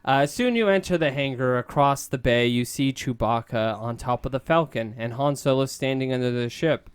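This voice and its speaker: A man's voice: mid-range voice, moderate pace, smooth. A man casually reading an adventure book aloud, stumbling and correcting himself as he goes. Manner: stumbling, self-correcting, laughing asides. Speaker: book reader and podcast host.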